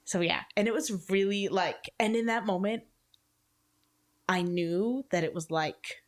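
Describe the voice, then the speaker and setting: A woman in her thirties, a podcast co-host, telling a personal ghost story in casual chat, animated and full of filler words. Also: mid-range voice, a little slow.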